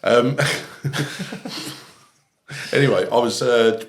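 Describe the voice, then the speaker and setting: A man, telling lively anecdotes as a podcast guest and laughing through his lines. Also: medium pitch, very slow, roomy sound. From England. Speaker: guest, ex-army comedian. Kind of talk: casual storytelling. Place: podcast studio.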